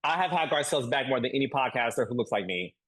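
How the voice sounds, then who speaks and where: A man talking as a guest on a podcast interview, emphatic and animated, repeating points for stress. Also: medium pitch, quick pace, husky, rough recording. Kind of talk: casual interview chat.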